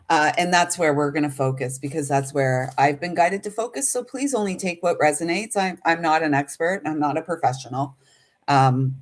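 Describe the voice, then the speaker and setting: A woman giving a slow, rhyming spiritual message, emotional and close to tears, laughing at herself between lines. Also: sits low. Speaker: intuitive reader.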